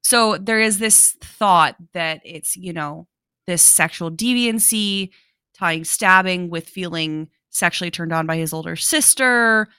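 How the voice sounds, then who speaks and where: A young woman with a bright, forward voice lays out a film's story in casual podcast chat. The sound is dry and close, with no room around it. She explains at length and walks through scenes beat by beat. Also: lowish voice, clear, resonant tone, no echo. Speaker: podcast co-host. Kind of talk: casual movie discussion.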